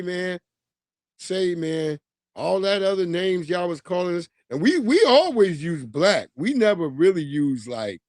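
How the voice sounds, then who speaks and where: Man in his forties, livestream host, profane, animated, dry close sound. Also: high-pitched, no room sound. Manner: animated, profane, laughs often. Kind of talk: casual commentary.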